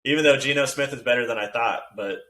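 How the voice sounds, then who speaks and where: A man's voice: mid-range voice, quick pace, sharp tone, slight background noise, low-quality recording. A man co-hosting a casual sports podcast, laid-back and opinionated, chuckling as he talks. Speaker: podcast co-host.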